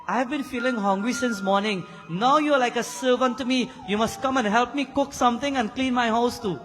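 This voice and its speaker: A man's voice: very high-pitched, fairly quick, a bit bright, pitched above the performer's own voice. A man voicing a playful, demanding male sage who teases and bargains. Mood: teasing. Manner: teasing, bargaining. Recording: reverberant hall with keyboard music.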